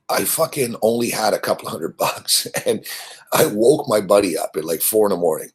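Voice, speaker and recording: A man's voice: on the low side, animated, normal speed, breathy edge. A man from Montreal, hosting and telling a rambling, profane story that keeps repeating itself. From Montreal, Canada. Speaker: host.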